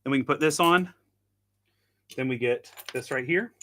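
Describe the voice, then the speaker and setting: Host, male, tinkering on camera, bright tense voice; loose, self-mocking chatter. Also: medium pitch, moderate pace, slight background noise. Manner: chatty, self-deprecating, thinks aloud while tinkering. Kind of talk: casual live product demo.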